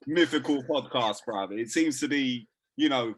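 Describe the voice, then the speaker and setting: A man's voice: mid-range voice, moderate pace. A man co-hosting a sports podcast, chatting casually and laughing often. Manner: slangy, says "bruv" constantly, laughs often. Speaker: podcast co-host. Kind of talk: casual chat.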